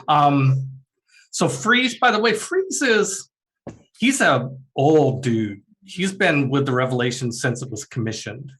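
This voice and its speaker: A man's voice: mid-range voice, lively intonation, takes it slowly, a bit bright, rough recording. A man narrating a tabletop role-playing game as game master, talking loosely with many fillers and restarts.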